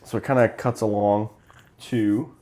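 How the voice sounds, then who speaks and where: Young male co-host, low and mellow, rambling casual movie recap, acts out the characters' lines. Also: steady tone, measured pace. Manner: rambling plot recap full of fillers, acting out characters' lines. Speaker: co-host of a movie review show. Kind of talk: casual chat retelling a film.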